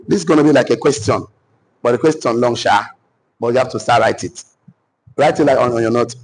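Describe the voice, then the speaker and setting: Husky Nigerian man dictating slow lessons. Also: medium pitch, low-quality recording. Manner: repeats phrases slowly for note-taking. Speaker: business coach. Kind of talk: dictated teaching session.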